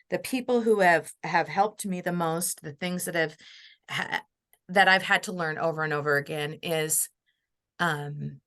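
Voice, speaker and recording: A woman's voice: fairly low pitch, a bit bright. A middle-aged woman speaking as a podcast guest, reflective and heartfelt, now and then acting out the voices of the people she quotes. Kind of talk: reflective interview conversation.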